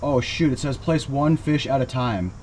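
A young man chatting excitedly to viewers while fishing and cleaning fish outdoors, calling them folks and boys. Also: mid-range voice, normal speed, a little hiss or hum. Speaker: fishing vlogger. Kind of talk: casual outdoor vlog tutorial.

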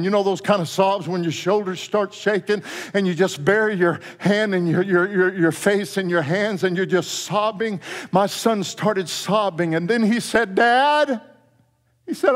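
A middle-aged man preaches to his congregation, telling a story and dropping to soft, hushed tones for quoted words before climbing into fervent, higher passages. His voice sits a bit high for a man. The sound carries the long reverb of a church sanctuary. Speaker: pastor. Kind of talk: sermon.

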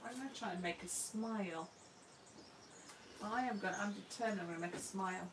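A woman's voice: mid-range voice, brisk, recorded from a distance, background noise. A woman artist talking through her painting live, chatty and self-deprecating, murmuring to herself as she works. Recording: roomy sound from away from the mic.

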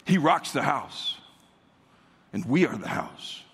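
A man's voice: mid-range voice, big pitch swings, slow pace, creaky, a bit bright, breathy edge, long reverb tail. A man giving a sermon as a guest pastor in a large church, speaking energetically, repeating words and calling on the congregation to answer back.

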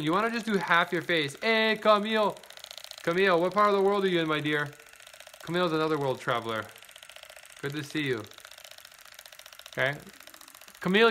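A man's voice: a little high, creaky, bright, forceful tone, slight background noise. Chatty man doing a live demo. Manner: chatty, greets viewers by name, mixes in broken Spanish. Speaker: livestream product demonstrator. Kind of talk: casual live product demo.

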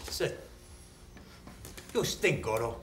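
A man's voice: mid-range voice, very animated, extremely slow, a bit bright, slight background noise, exaggerated voice. A man playing a brash, bossy loan shark. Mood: blustering. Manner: blustering, insulting, then soothing. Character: young male loan shark, brash, bossy, quick-tempered. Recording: echoey room.

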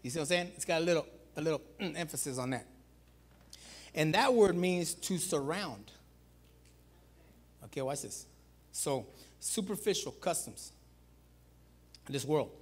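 A pastor preaching a sermon in an animated way, calling out to the congregation and swinging between loud calls and low, quiet emphasis. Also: male voice, normal speed, long pauses, breathy edge. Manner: animated preaching, repeats "watch this" and "guys".

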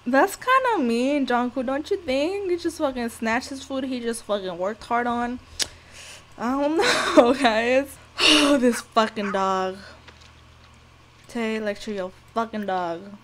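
A woman giving casual gameplay commentary, cursing and shouting at the game and speaking to viewers in slangy talk. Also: on the high side, takes it slowly, a little hiss or hum. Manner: profane, loud outbursts at the game; slangy, talks to viewers directly. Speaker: gameplay video host.

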